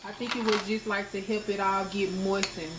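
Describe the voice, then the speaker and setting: A woman's voice: medium pitch, level tone, normal speed. An American woman chatting casually to her viewers as she cooks at home, often calling them y'all. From United States. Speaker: cooking vlogger. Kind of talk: casual cooking vlog. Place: home kitchen. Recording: echoey kitchen with background noise.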